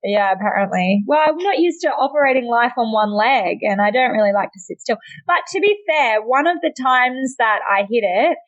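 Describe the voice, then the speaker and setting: A woman's voice: a little high, expressive, normal speed, few pauses, no room sound, dull audio. A young Australian woman, a podcast guest, chatting casually and laughing often at herself.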